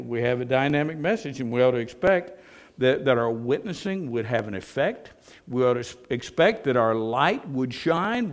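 A male pastor with a mid-range voice preaches conversationally, often tossing rhetorical questions to the congregation.

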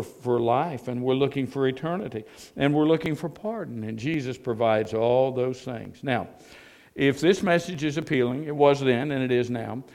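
A man's voice: medium pitch, a little mellow. A male pastor preaching a sermon in a conversational way, often asking the congregation rhetorical questions.

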